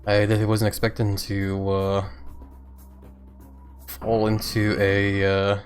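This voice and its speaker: A fairly low-voiced man streams a game and keeps up loose, chatty commentary, thinking out loud and laughing now and then. He has the hiccups. Faint game music plays underneath. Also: monotone, measured pace. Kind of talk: casual gameplay commentary.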